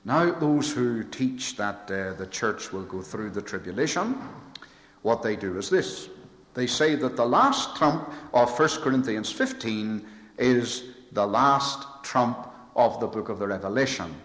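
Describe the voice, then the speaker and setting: A man's voice: mid-range voice, animated, measured pace, fairly bright tone. A man preaching a sermon with emphatic, repetitive phrasing and swelling rhetorical lists. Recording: echoey hall with long reverb.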